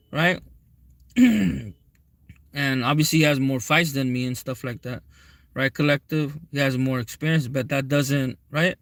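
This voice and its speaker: A man's voice: mid-range voice, a little slow, long pauses, dry recording. A young man telling a long personal story to his viewers in a rambling, profane way, often checking in with them. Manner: rambling, profane, keeps asking viewers "right?". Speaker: tarot reader. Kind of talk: casual storytelling vlog to viewers.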